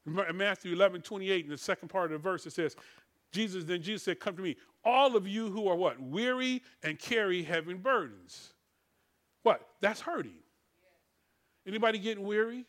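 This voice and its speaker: A middle-aged man preaches in a high, ringing voice. He works the congregation with call-and-response, tossing out "what?" and answering himself. He swings from shouted proclamations down to soft, tender murmurs. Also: moderate pace. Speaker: pastor. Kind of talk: sermon.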